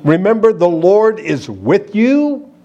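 A man's voice: sits high, very animated, slow pace, dark tone, lo-fi sound. A man preaching a sermon, emphatic and asking the congregation rhetorical questions.

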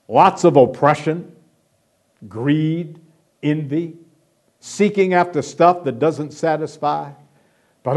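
A man preaching a sermon, emphatic, swelling loud and then dropping to a hush. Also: a little high.

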